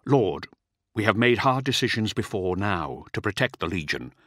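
A man voicing a calm, loyal male officer who speaks earnestly and in measured tones. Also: fairly low pitch, dry recording, studio quality.

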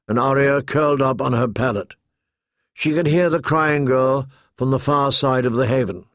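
A man reading a novel aloud with measured, even delivery. His pitch sits mid-range for a man. The sound is dry and close, with no room echo. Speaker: audiobook narrator. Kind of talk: scripted narration.

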